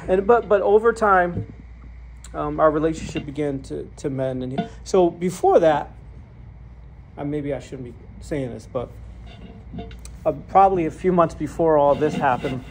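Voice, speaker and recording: A preacher with a fairly high-pitched voice shares his testimony as a sermon, and a little hiss or hum can be heard. Earnest and candid, he often repeats words as he starts over and chuckles at his own story in a self-deprecating way.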